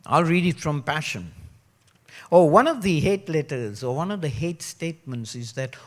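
A man preaching a sermon, joking and mimicking people, then dropping to a low, earnest tone. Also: animated, normal speed. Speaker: pastor.

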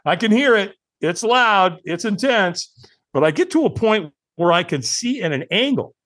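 A man in his sixties from California, a podcast guest telling a story with lively acted-out dialogue. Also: high voice, normal speed. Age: 60s. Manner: animated storyteller acting out dialogue.

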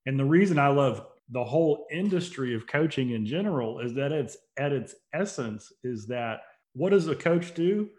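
Animated and darkish in tone, a man with a mid-range voice talks at a moderate pace during a casual conversational interview. As guest, this CEO and motivational speaker earnestly tells stories and drives toward emphatic points.

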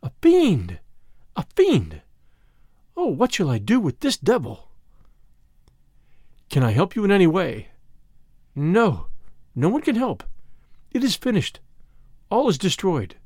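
A man's voice: sits high, huge pitch swings, slow, pauses often, a little mellow, dry recording, studio quality, full character voice. A man voicing a frightened young wife lying in a fever, crying out in a raised voice. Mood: delirious. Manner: breathless, repetitive cries.

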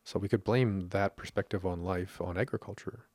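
A man's voice: sits low, steady tone, normal speed, a little mellow, no echo. A Canadian man talking casually on a podcast, rambling with restarts and frequent laughs. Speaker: podcast host. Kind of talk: casual conversational podcast talk.

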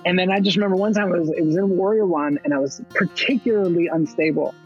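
A man's voice: high voice, fast, dull audio, faint music behind. A veteran and motivational speaker from Baltimore, telling his story with swearing and acted-out quotes. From Baltimore, USA. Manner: animated storyteller with profanity, acts out quotes. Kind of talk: storytelling interview.

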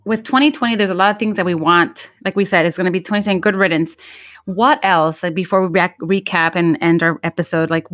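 A woman's voice: lowish voice, dry recording, clean studio sound. A woman co-hosting a casual podcast. She reflects thoughtfully and steers the conversation to the next topic. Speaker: podcast co-host. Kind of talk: casual chat.

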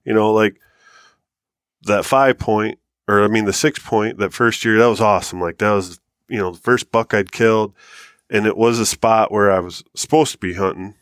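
An American man telling a long hunting story in casual podcast chat, acting out quotes with bursts of excitement. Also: moderate pace, smooth, no room sound, clean studio sound. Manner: animated storyteller, rises high and loud when acting out quotes. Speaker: podcast co-host.

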